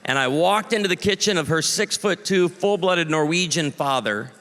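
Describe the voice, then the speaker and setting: Bright, punchy pastor-comedian man on stage. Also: fairly high pitch, lively intonation, moderate pace. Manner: punchy, playful, calls for audience response. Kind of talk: stand-up comedy talk to a live audience. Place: large live venue. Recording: long reverb of a large venue.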